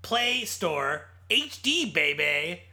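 A man's voice: sits high, sing-song, very slow, pushed and bright. A man hosting a film podcast in casual chat, opinionated and steering the talk with questions. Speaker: podcast host.

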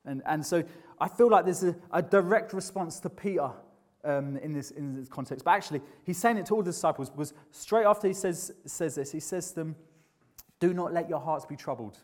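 A man's voice: on the high side, a little fast. A man preaching a sermon in a conversational, earnest way, often restarting his sentences.

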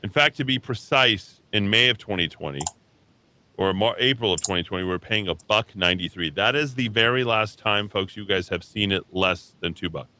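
In a radio studio, a tired male talk show host rants bluntly and combatively about politics at normal speed, his voice on the low side. Steady keyboard typing and clicks sound in the background, with slight background noise.

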